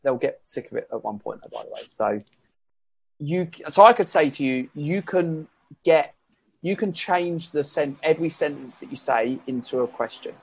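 Here a man who coaches fitness walks through his method in loose, self-correcting chatter. The voice sits fairly high, animated and creaky with slight roughness, at a moderate pace.

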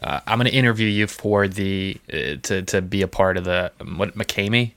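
A man's voice: low-pitched, moderate pace, a bit bright, no echo. A man co-hosting a podcast in casual chat, playful and often restarting his sentences. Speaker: musician co-host.

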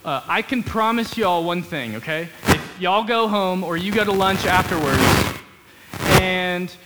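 A man preaching a conversational sermon in a church, with quick asides and acted-out quotes. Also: high-pitched, very noisy. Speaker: pastor. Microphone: switches to a handheld mic partway.

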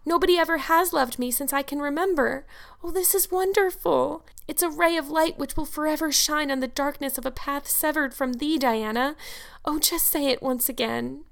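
Woman doing a very high dramatic little orphan girl, all gushy and teary, storybook reading. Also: normal speed, creaky. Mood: gushing. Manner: gushing, theatrical and tearful. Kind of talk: audiobook character voice.

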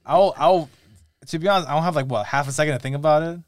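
A man's voice: on the high side, quick pace, dry recording, studio quality. A man co-hosting a podcast, chatting casually with friends and acting out little scenes as he talks. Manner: animated storyteller, acts out lines in quotes. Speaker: podcast co-host. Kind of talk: casual chat among friends.

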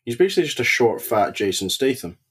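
A man's voice: mid-range voice, sing-song, fast, fairly bright tone, breathy edge. A man co-hosting a film podcast, adding short wry remarks in casual chat. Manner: brief wry interjections. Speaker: podcast co-host.

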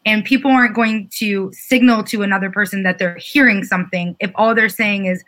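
A woman with a bright, sharp tone reflects earnestly on her own experience. She speaks in an open, conversational way. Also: mid-range voice, fairly even intonation, brisk, poor audio. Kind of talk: casual panel chat.

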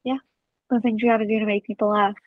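A woman's voice: mid-range voice, flat delivery, fast talker, no room sound, narrow, tinny audio. A woman co-hosting a podcast, chatting casually and daydreaming aloud. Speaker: podcast co-host. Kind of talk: casual chat.

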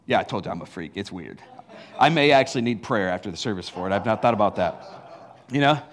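A man's voice: fairly low pitch, lively intonation, brisk. A middle-aged man preaching a sermon in a church, telling a story with laughs and acted asides. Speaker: pastor.

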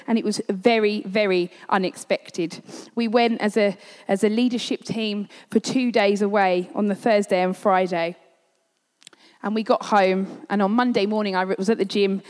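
Delivering a sermon, a woman preacher recounts something from her own life with sincerity. Her mid-range, darkish voice stays fairly even in intonation at a normal pace, and long reverb from the hall follows her words.

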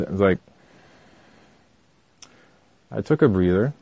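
A man casually telling a personal story with animated retelling and lots of fillers. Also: deep voice, moderate pace, dry recording.

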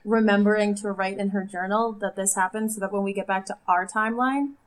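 A woman's voice: medium pitch, fairly even intonation, brisk, crowd noise, low-quality recording. A woman playing in a tabletop game who chats in a giggly, talkative way. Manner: chatty, giggly. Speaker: player. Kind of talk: casual chat in a tabletop game.

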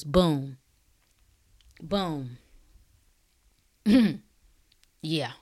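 A woman's voice: mid-range voice, very animated, moderate pace, sharp tone. A woman in a casual monologue, blunt and preachy, firing off sarcastic rhetorical questions in slangy talk.

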